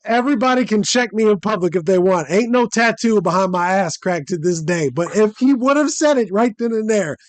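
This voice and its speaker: High-voiced man telling a wild story. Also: a little fast, hardly any pauses, no echo. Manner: animated, profane, acts out quotes in a raised voice. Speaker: podcast host. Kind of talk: casual storytelling chat.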